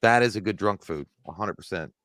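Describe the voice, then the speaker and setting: A man's voice: on the low side, brisk, fairly bright tone, no room sound. A man co-hosting a live stream, reading viewer comments aloud and answering them in a loose, profane, rambling way. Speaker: live show co-host reading chat. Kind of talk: casual live-stream chat.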